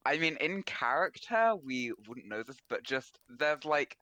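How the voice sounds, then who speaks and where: A man's voice: medium pitch, expressive, unhurried, sharp tone. A man joking as a player in a tabletop role-playing game. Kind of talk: casual tabletop play.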